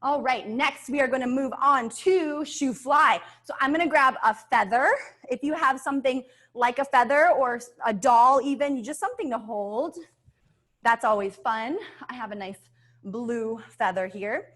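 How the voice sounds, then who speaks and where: Backing music plays as a woman leads children through an online dance lesson at a moderate pace. Her voice sits high with a fairly bright tone, and she coaxes cheerfully, now and then singing the cues.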